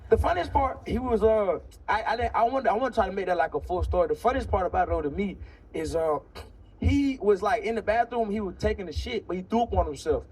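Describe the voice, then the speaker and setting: A man's voice: high voice, animated, fast, a little mellow, breathy edge. A man, a comedian, telling a loose streetwise story and then chatting and laughing about it. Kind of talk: stand-up set then casual chat.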